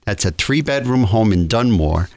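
A man co-hosting a radio show, reading a home listing in a plain, even way. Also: on the low side, normal speed, dry recording, studio quality. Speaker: radio co-host. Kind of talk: radio talk and a read real-estate listing.

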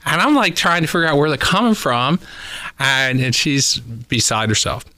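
A man's voice: mid-range voice, moderate pace, dry recording. A man speaking as a guest expert on a radio talk show, telling stories with lots of "uh" fillers. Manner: animated storyteller, many "uh" fillers. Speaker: pest control guest expert.

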